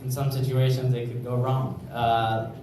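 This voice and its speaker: This young man's stand-up set in a club is rambling and full of filler words. His mid-range voice stays level at a moderate pace, recorded from a distance in a noisy, echoing room.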